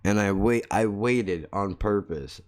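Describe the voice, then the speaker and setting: Low-voiced man telling a profane story. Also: slow pace. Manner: blunt and heavily profane; self-mocking, laughs at his own jokes. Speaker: podcast host. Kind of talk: casual comedic storytelling.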